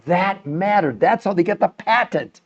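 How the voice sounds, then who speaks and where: Older male stream host, emphatic and salesy, somewhat high-pitched, muffled lo-fi audio. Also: expressive, normal speed, vocal fry. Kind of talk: live-stream talk to a chat audience.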